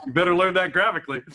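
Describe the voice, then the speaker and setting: A man doing stand-up comedy at an office event. He rambles in a chatty way and laughs at his own jokes. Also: sits high.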